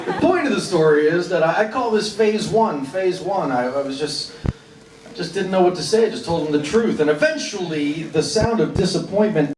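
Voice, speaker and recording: A man's voice: high-pitched, lively intonation, normal speed. Wry man telling a story in a club. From New York. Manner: wry, self-mocking, acts out voices of others. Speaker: musician telling a story on stage. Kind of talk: live stage storytelling. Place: club stage with audience. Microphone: stage microphone heard from the room. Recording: roomy live club recording from far off. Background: loud crowd laughter and club noise.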